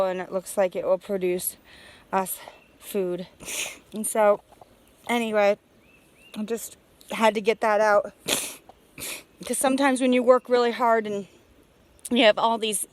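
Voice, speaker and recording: A woman talking through her feelings on her homestead in a rambling, heartfelt vlog, full of fillers and restarts, emotional and near tears. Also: mid-range voice. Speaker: homesteader vlogger. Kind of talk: emotional personal vlog monologue. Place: outdoors on a homestead.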